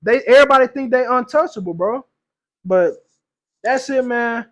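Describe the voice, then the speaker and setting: Young man, very high voice, loose slangy podcast storyteller who laughs easily. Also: normal speed, fairly bright tone. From Louisiana or Texas, US South. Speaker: podcast co-host. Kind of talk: casual podcast chat.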